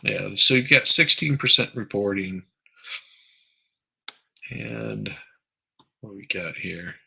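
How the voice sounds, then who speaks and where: A man's voice: fairly low pitch, takes it slowly, creaky, pushed and bright, breathy edge, poor audio. A man hosting a live stream, chatting casually and crudely, rambling while he reads viewer comments aloud. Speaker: livestream host.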